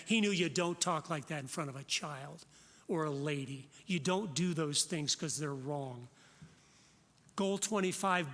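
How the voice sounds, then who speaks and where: A man in his fifties speaks with fervent, preacherly directness, his voice sitting a little higher than most men's. His talk rings out through a large hall, with a long reverb trailing each phrase. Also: a bit bright. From Florida. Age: 50s. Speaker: conference speaker. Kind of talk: impassioned conference talk.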